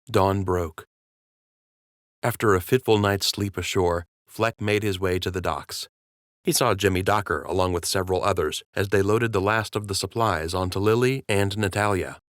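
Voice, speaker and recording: A man reading an audiobook as narrator in measured, even storytelling. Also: low-pitched, no echo, studio quality. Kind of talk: scripted narration.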